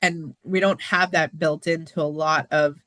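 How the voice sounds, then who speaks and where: Woman guest, earnest and open, dry close sound, expressive quoting of others. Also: measured pace, dry recording. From United States. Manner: earnest, open and expressive, with frequent small laughs; acts out quoted remarks with lively pitch jumps. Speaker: podcast guest. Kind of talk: casual interview talk.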